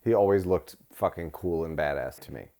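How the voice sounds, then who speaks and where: A man with a cold co-hosts a relaxed movie chat from his living room couch. He jokes, swears freely and drops into goofy voices mid-sentence. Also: low voice, brisk. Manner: jokey, swears freely, bursts into silly voices. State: has a cold. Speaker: co-host. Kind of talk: casual movie-watching banter.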